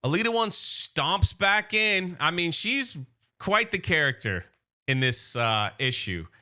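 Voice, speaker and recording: A man's voice: fairly high pitch, sing-song, slow pace, pushed and bright. A man casually recapping and reviewing a comic book, chatty and acting out character lines as he goes.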